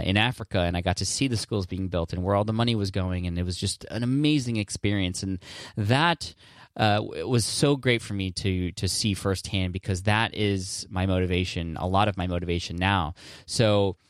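A man's voice: sits low, dry recording, clean studio sound. A man in his thirties hosting a podcast, talking earnestly in a casual, rambling way with frequent restarts and fillers. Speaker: podcast host answering listener questions. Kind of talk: casual solo podcast talk.

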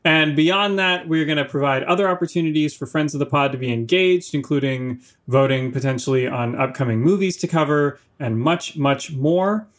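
A man's voice: fairly high pitch, normal speed, few pauses, fairly bright tone. Wry, joking male podcast co-host. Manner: wry, joking, laughs often. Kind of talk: casual podcast chat.

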